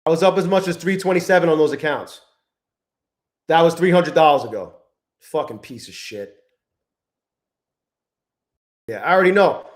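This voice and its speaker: Swearing almost every sentence, a futures trader narrates live trades in a fairly high voice. His frustration and anger show as he goes from bitter, low muttering to shouting at the chart whenever a trade goes against him.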